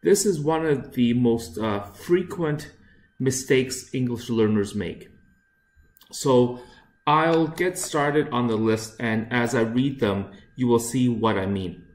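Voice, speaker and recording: Slow, deliberate male English teacher. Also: mid-range voice. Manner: repeats each word slowly, with fillers. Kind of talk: slow, careful teaching of word sounds. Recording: echoey room.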